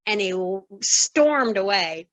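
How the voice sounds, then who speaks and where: An older woman in her sixties recounts her past as a guest in an interview. Her voice sits at an ordinary pitch, and she brings her story to life by acting out what each person said. The recording is dry and close, with no room sound. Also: slow, no echo, low-quality recording. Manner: lively storyteller who acts out quoted dialogue. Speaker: former wrestling referee, interview guest. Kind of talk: conversational storytelling.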